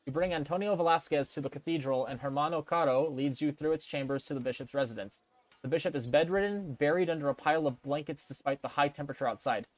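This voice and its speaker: A man's voice: on the high side, fast, no room sound. Man, let's play commentator, casual, reads game text, dry recording. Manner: reads game text aloud, thinking aloud with fillers.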